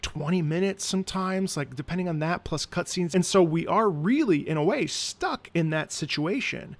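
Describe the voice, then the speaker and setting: A man with a high, light speaking voice talks through a piece of music with animated, analytical enthusiasm. He speaks as an opera singer in a music reaction commentary. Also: normal speed. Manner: animated and analytical, breaks into sung demonstrations.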